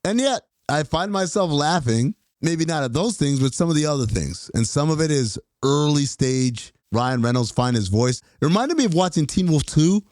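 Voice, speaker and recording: A man's voice: on the high side, normal speed, few pauses, dry recording, clean studio sound. A man co-hosting a film podcast, joking and arguing his picks in casual chat. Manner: joking, animated, argumentative. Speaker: podcast co-host.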